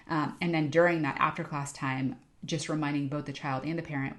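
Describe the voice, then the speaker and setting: A woman's voice: sits low, fairly even intonation, fairly quick, few pauses, fairly bright tone. A woman in her thirties, an interim church children's director, giving volunteers a candid, chatty training talk. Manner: candid, chatty, frank about herself.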